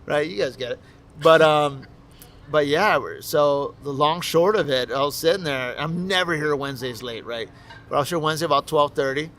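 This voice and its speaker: A man who owns a brewery, telling stories casually in an interview, relaxed and profane, laughing as he talks. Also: a little high, moderate pace, a little hiss or hum. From Miami, USA. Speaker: brewery owner, interview guest. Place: his brewery.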